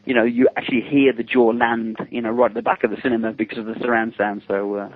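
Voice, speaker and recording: English guest, middle-aged, chatty raconteur on a phone line; husky, dry sound. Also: male voice, mid-range voice, fast talker. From England. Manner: lively anecdotes, acts out quotes, laughs often. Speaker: guest, special effects makeup artist. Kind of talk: casual phone interview storytelling.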